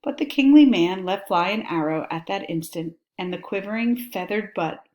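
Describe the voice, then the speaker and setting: A woman's voice: medium pitch, expressive, normal speed, darkish tone. A woman teacher reading a text aloud and explaining it in a casual, chatty way.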